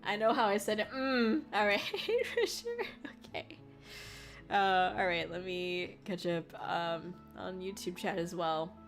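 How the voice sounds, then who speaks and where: A woman's voice: fairly low pitch, expressive, measured pace. A woman VTuber chatting casually on a live stream, reading viewer comments, laughing often and swearing as she rambles. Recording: faint music underneath.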